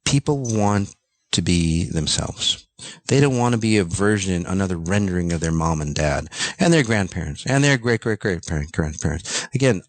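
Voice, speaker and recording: A man's voice: sits low, lively intonation, moderate pace, no room sound. A man hosting his own show, speaking straight to his listeners in an intense, ranting monologue, swearing bluntly and checking in often with "okay?" and "you know". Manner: frequent fillers and tag questions. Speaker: podcast host. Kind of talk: motivational monologue.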